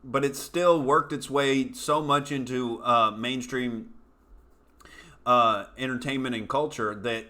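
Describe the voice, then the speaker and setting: A man's voice: medium pitch, fairly even intonation, slow, pushed and bright. A male comedian hosting his own show, delivering a profane, scornful rant full of fillers and asides. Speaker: comedian host. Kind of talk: ranting comedy commentary.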